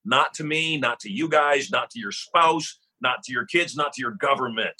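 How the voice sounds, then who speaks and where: A man's voice: medium pitch, normal speed, bright, forceful tone. A man speaking as a podcast guest, telling stories and giving motivational advice with emphatic, punchy repetition. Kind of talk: motivational storytelling.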